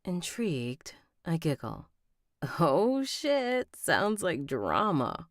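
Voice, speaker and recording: A woman's voice: on the low side, wildly swooping pitch, very slow, dry recording. A woman reading an audiobook aloud on a live stream, breaking off to chat with viewers and redo lines.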